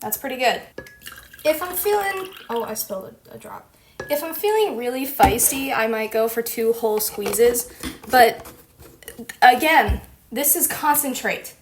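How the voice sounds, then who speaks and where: A young woman with a slightly high voice chats playfully through a casual home how-to vlog. She gushes and jokes as she goes. A faint hiss sits under the recording. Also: lively intonation, measured pace. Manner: chatty, playful and gushing. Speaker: vlogger.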